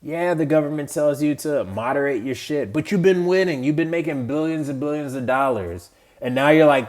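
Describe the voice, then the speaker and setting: A man's voice: fairly high pitch, moderate pace, hardly any pauses, darkish tone. A man hosting a podcast, ranting about politics in a heated, exasperated way with casual slang and swearing. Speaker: podcast host. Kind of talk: solo political rant.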